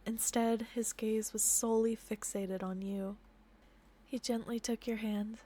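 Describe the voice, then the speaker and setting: A young woman reading a romantic visual novel aloud, often giggling and apologizing between softly read passages. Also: fairly high pitch. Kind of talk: reading game text aloud with chatty asides.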